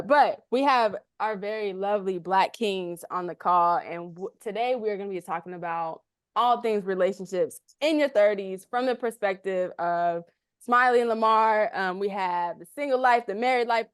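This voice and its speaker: A playful, teasing woman hosts a casual podcast chat with a smooth, resonant voice. The sound is dry and close, with no room echo. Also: medium pitch. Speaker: podcast host. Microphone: remote call.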